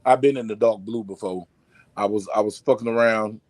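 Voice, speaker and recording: A man's voice: lowish voice, brisk, no echo. A man hosting a casual podcast chat, telling stories in a loose, rambling, profane way. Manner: animated, profane storytelling; loose, rambling delivery with restarts. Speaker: podcast host.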